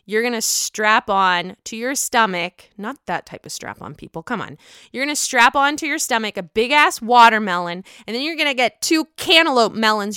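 Sassy, bright-voiced woman recapping TV. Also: a little high, smooth, no room sound, clean studio sound. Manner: sassy, profane, chatty commentary. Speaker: reality TV recap host. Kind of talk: casual recap talk.

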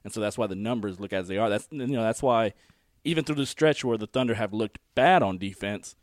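Low-voiced man explaining earnestly. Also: brisk, no room sound, studio quality. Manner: earnest, explaining, frequent ums. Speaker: podcast co-host. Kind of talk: casual sports chat.

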